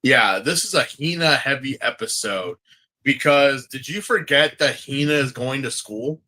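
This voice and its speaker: A man's voice: medium pitch, measured pace, sharp tone, rough recording. A man co-hosting a podcast, chatting casually and animatedly about a TV series, often slipping into campy voices. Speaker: podcast co-host. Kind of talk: casual chat recapping a TV series.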